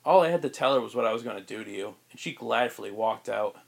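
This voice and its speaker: A man's voice: fairly low pitch, expressive, fast, vocal fry, husky, heavily acted. A man voicing an awkward young man who answers hesitantly and sheepishly.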